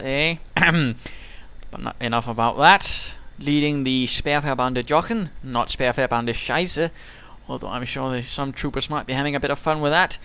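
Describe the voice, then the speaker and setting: A man's voice: medium pitch, fairly bright tone, clean tone. A man giving playful, theatrical commentary over a strategy game replay, full of whimsical asides. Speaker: caster.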